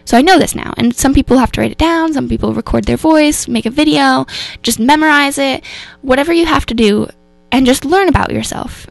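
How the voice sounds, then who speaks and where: A woman with a high, brisk voice and vocal fry hosts a radio show, speaking into a studio microphone with no room sound. She reflects casually on mental health, rambling earnestly about coping with emotions and filling her talk with fillers and self-corrections.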